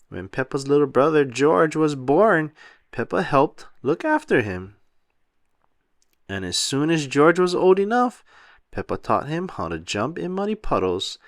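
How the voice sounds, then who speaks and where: A man reading a children's picture book aloud with an animated, sing-song delivery. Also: on the high side, measured pace, dry recording, studio quality. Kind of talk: read-aloud storytelling for children.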